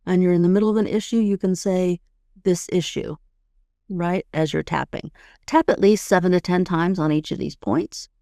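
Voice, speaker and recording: A middle-aged woman hosting a podcast, calmly guiding listeners step by step through a tapping routine and often checking in with "right?". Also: mid-range voice, vocal fry, no echo, clean studio sound. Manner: calm, guiding, demonstrates steps. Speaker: podcast host and tapping coach. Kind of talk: instructional podcast talk.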